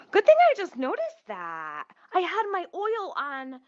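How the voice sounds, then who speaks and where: A woman's voice: very high voice, huge pitch swings, slow, dry recording, dull audio. A woman telling a long story on her livestream, rambling, swearing freely and getting sidetracked mid-sentence. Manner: profane, rambling, easily sidetracked.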